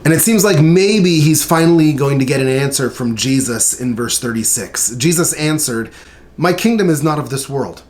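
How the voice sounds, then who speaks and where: A man teaching a short Bible study, reading scripture aloud in an earnest, measured way with emphatic pauses. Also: on the high side, expressive, a little mellow.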